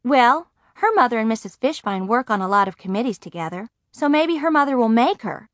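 A woman reading a chatty schoolgirl friend who is quick and always in the know, talking in fast, newsy bursts. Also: fairly high pitch, lively intonation, dry recording, clean studio sound, voice pushed up, natural voice.

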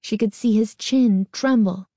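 A woman reads a spooky story aloud at a slow, measured pace. Her tone is mellow and dark. The recording is close and dry. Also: mid-range voice, no echo. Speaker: narrator. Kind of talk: scripted horror story narration.

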